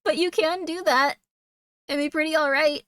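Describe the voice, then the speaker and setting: A woman's voice: high-pitched, fairly even intonation, moderate pace, a bit bright, no echo, studio quality. A young adult woman hosting a stream, chatting casually and rambling as she reacts to videos. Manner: rambling, chatty, filler 'like'. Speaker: streamer host.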